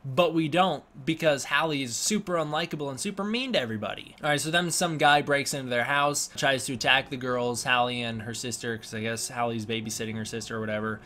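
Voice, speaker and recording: A man's voice: medium pitch, fast talker, few pauses, sharp tone. A man giving a casual, sarcastic spoken movie review, often mocking the characters in silly voices.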